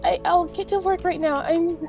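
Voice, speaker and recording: A woman's voice: very high-pitched, fairly even intonation, normal speed, faint music behind. A woman voicing a timid young girl in a game role-play, flustered and apologetic. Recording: slightly dull lo-fi recording.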